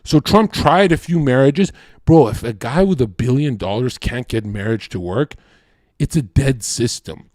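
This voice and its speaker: A man ranting in a profane, loud debate-stream style, acting out voices as he tells stories. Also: mid-range voice, animated, moderate pace, dry recording, clean studio sound. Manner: profane, loud, acts out voices mid-story. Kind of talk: heated rant in a debate stream.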